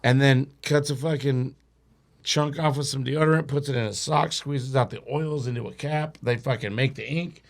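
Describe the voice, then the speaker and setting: Brief: gravelly male storyteller, profane, animated guest. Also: medium pitch, moderate pace. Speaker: podcast guest. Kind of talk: comic storytelling.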